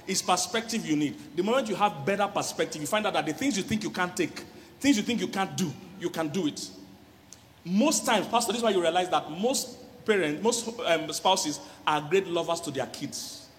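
A middle-aged man, a relationship coach giving a lively church sermon on marriage, often laughing and acting out voices. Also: high-pitched, normal speed, long reverb tail. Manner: animated, laughing, acts out quoted voices.

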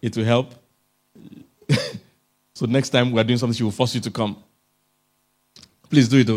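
A man gives a lively, joking talk as a relationship expert. He pleads with his listeners and laughs between points, in an ordinary mid-range male voice. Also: medium pitch, moderate pace, long pauses. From Africa. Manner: jokey, coaxing the audience, chuckles often. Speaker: relationship expert speaking at a conference. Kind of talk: humorous motivational talk to an audience.

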